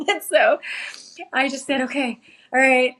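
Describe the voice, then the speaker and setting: A woman's voice: high-pitched, fairly even intonation, unhurried, a bit bright. A middle-aged woman telling a heartfelt story as a podcast guest, earnest and close to tears at times, quoting her own thoughts along the way. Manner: earnest, tearful at times, quotes herself. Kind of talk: emotional storytelling.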